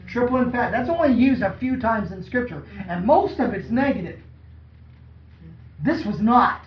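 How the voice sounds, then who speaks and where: A man's voice: very high-pitched, lively intonation, normal speed. A man preaching a sermon to a congregation, often asking them questions that draw replies. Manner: call-and-response, asks the congregation questions. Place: church hall. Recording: echoey, dull, from far off.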